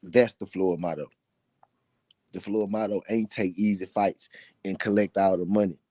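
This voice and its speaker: Deep, dark-voiced man talking boxing. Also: fairly even intonation, dry recording. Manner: emphatic, repeats points slowly for effect. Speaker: boxing talk show host. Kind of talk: casual boxing commentary.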